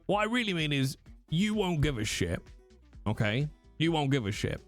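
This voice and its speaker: A man's voice: fairly high pitch, big pitch swings, normal speed. A man, chatting casually and swearing freely as he talks to his stream viewers. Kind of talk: casual livestream chat. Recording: faint music behind.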